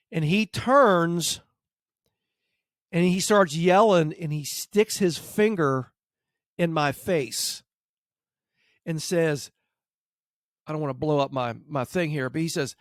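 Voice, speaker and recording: A man with a somewhat high voice tells a story in a relaxed podcast chat and acts out the lines of the people in it. The sound is dry and close, with no room echo. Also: slow pace, pauses often. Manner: animated anecdote, acts out quotes. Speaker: dog trainer, podcast host.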